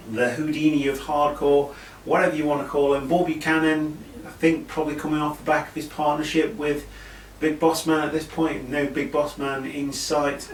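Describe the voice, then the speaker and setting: A British man casually recapping an old wrestling event, rambling with asides and fillers. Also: on the high side. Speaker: wrestling show reviewer. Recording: echoey room, mic at a distance, faint hiss.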